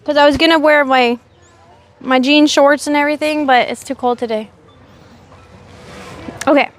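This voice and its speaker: A young woman from Oregon chatting with her live chat while out in a windy park. She says she is sick and low on energy, but she keeps talking with a sassy edge. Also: steady tone, normal speed. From Oregon, USA. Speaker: livestreamer. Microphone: phone on a selfie stick.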